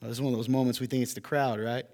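A male pastor preaching a sermon, moving between hushed storytelling and loud, emphatic appeals to the congregation. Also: mid-range voice, level tone, rapid-fire, big-room sound. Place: church hall.

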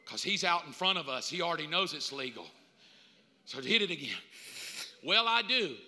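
A man preaching a sermon in an animated way, swinging between loud and hushed delivery. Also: on the high side, moderate pace. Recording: long hall reverb.

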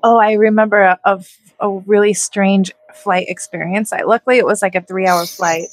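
A woman's voice: mid-range voice, steady tone, normal speed, no echo, poor audio. Chatty woman, dry close sound. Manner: chatty, laughs between stories. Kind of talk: casual chat.

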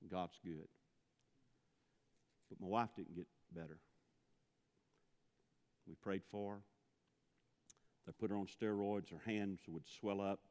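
A man's voice: low voice, darkish tone, in a large hall. A man from Mississippi, preaching a sermon, telling stories and building to impassioned pleas. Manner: storytelling, rising to impassioned pleading.

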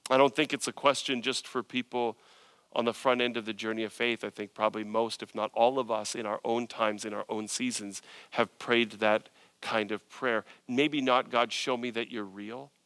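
A man's voice: medium pitch, flat delivery, moderate pace, fairly bright tone, no room sound. A male pastor preaching a sermon in an earnest, conversational way, often searching for words and restarting.

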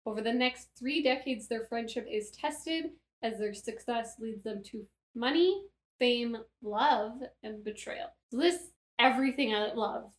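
A woman co-hosting a podcast in casual book chat, chatty and quick to laugh, with rambling asides. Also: a little high, echoey room. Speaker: podcast co-host.

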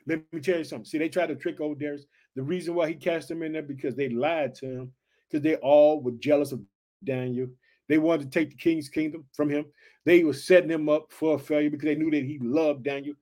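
High-voiced, fiery male preacher. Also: steady tone, brisk, dark tone. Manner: exclamatory, repeats calls to the listeners. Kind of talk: fiery sermon with scripture reading.

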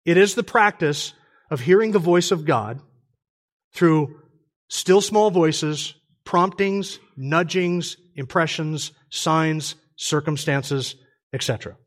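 A man's voice: a little high, takes it slowly. A man speaking at a conference in a church, arguing his point emphatically in a sermon. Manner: emphatic, argumentative.

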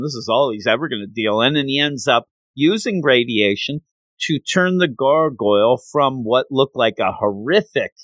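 Brief: man retelling a comic book plot, lively swooping pitch, dry close sound. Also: no room sound. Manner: animated, acts out characters, quick asides.

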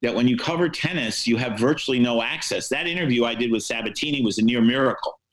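A man's voice: mid-range voice, fast talker, a bit bright, low-quality recording. Wry older man telling a story. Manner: wry, self-deprecating anecdotes with many fillers. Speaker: sportswriter guest. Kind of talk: storytelling in a podcast interview.

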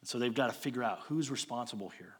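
A man preaching a sermon as a storyteller, posing rhetorical questions and moving between loud emphasis and quiet asides. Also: medium pitch, expressive, quick pace, slightly rough. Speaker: pastor. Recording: long hall reverb.

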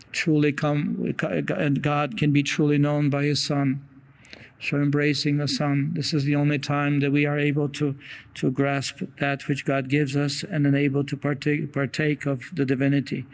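A man preaching a sermon in an earnest way, reading long quotations aloud with pauses and small restarts. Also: on the high side.

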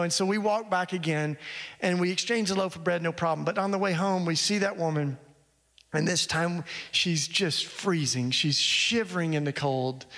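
A man's voice: on the high side, a bit bright. A man speaking at a church event, telling a story in an earnest, conversational way with asides to the audience. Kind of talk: storytelling talk. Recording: long hall reverb.

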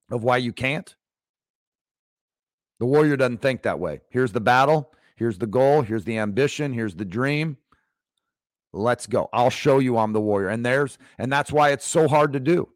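A man's voice: medium pitch, moderate pace, dry recording, clean studio sound. A man in his fifties hosting a leadership podcast, talking in an emphatic motivational monologue that repeats key phrases for effect. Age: 50s. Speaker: leadership coach, podcast host.

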